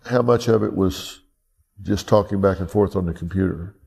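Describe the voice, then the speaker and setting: A man interviewing calmly, asking probing questions and repeating answers back. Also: sits low, moderate pace, creaky, slightly rough.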